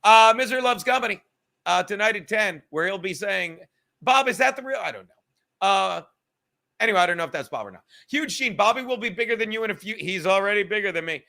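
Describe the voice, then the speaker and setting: A man's voice: high-pitched, lively intonation, brisk, vocal fry, sharp tone. A man hosting a live-stream podcast, reading the chat aloud and ranting in a combative, profane, mocking way from a studio. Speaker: podcast host.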